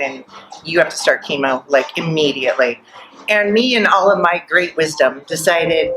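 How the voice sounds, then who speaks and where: A middle-aged woman guest at a live podcast event, telling her story in an animated way and acting out the voices she quotes. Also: lowish voice, a little hiss or hum, low-quality recording.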